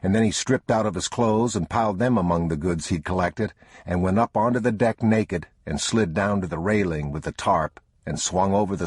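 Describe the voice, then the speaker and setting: A man narrating an audiobook in a measured, unhurried way. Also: deep voice, slightly rough, dry recording, clean studio sound. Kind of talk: scripted narration.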